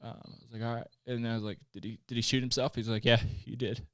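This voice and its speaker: A man's voice: mid-range voice, little pitch movement, fast, a bit bright, smooth, no echo. A man in his late twenties from Utah, a podcast guest telling a personal story in casual conversation, candid and plainspoken, with frequent swearing. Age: late 20s.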